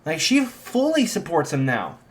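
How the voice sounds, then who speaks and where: A man's voice: on the high side, wildly swooping pitch, measured pace. A man casually telling a fan story, rambling with many "like" fillers.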